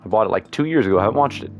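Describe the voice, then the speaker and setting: A man rambling through casual gameplay commentary, full of "like" and mild swearing. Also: on the low side. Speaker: gaming streamer.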